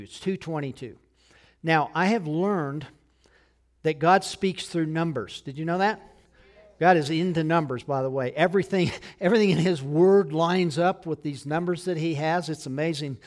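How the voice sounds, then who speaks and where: Middle-aged pastor guy giving a sermon, chatty, keeps asking "okay?", bit of a higher voice. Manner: conversational preaching with frequent "okay?" check-ins.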